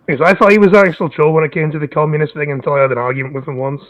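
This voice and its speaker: A man's voice: a little high, fairly even intonation, very fast, no room sound, dull audio. A man with a Scottish accent making wry, dry-humored remarks in a casual stream chat.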